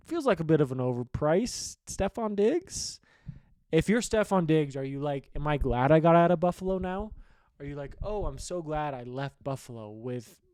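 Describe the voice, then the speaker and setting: A man with a slightly high voice chats about football in a loose, rambling way, throwing in casual swearing and strong opinions. The sound is dry and close, with no room echo. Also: a little mellow, clear, resonant tone. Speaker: sports betting podcast host. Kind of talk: casual sports talk.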